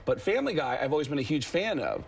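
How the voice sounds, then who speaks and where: A man's voice: a little high, very animated, fast talker, creaky, noisy background. A man, a comedian and impressionist, chatting as a guest in an interview and telling anecdotes. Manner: chatty storyteller, slips into impressions mid-story. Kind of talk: casual interview chat.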